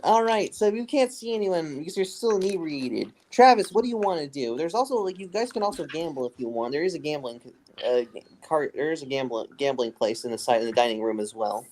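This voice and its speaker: A woman's voice: sits low, animated, a little fast, a little mellow, slight background noise. A woman narrating a tabletop game as game master, rambling and restarting her phrases.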